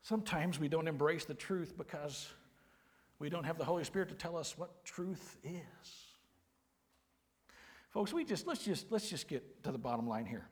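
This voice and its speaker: A man, preaching a sermon with folksy, humorous storytelling and quiet, earnest emphasis. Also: fairly high pitch, lively intonation, moderate pace. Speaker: pastor. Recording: long hall reverb.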